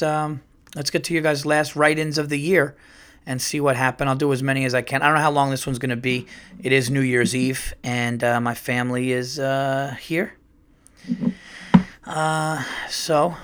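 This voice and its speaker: A middle-aged man hosting his own podcast, talking casually in a profane, rambling, animated way. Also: medium pitch. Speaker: podcast host. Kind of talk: casual solo podcast monologue.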